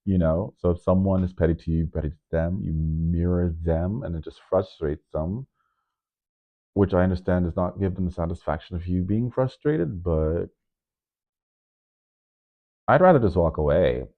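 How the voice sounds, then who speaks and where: A man with a deep, low voice talks through his vlog in a loose, rambling way, nervous in front of the camera. He keeps breaking into sudden high, loud bursts before dropping back down. The sound is thin and narrow, like a phone line. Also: normal speed. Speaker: DJ and vlogger. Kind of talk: casual vlog monologue. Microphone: microphone.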